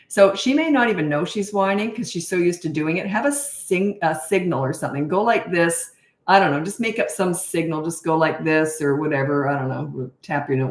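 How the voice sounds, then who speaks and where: An older woman, a parenting coach, giving blunt, direct advice in a live-stream Q&A. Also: lowish voice. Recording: echoey room.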